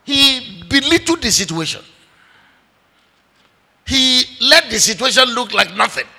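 A man's voice: very high-pitched, expressive, measured pace, creaky, bright, forceful tone. A man, a pastor preaching a sermon with animation and acting out the dialogue of a story. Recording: echoey hall with long reverb.

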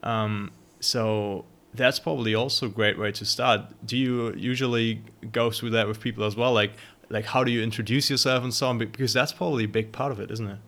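A man's voice: fairly low pitch, steady tone, a little fast, few pauses, a bit bright. Hesitant male host. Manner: hesitant, many fillers and restarts. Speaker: podcast host. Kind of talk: interview conversation.

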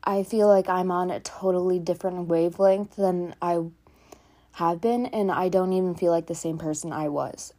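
Teenage girl, mellow dark voice, casual podcast chat, earnest, rambling, lots of fillers, at home. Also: on the low side. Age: teens. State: out of breath. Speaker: podcast host. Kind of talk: casual personal talk.

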